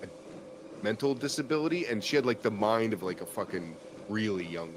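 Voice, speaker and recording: Swearing freely, a podcast host meanders through casual chat, stopping and restarting and using lots of filler words. He speaks at a moderate pace in a fairly low voice, with background noise audible.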